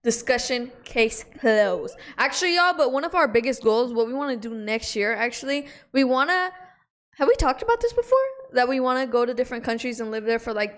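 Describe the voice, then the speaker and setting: Young adult woman, podcast co-host, bright-pitched, playful teasing delivery, loose slang. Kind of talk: casual chat.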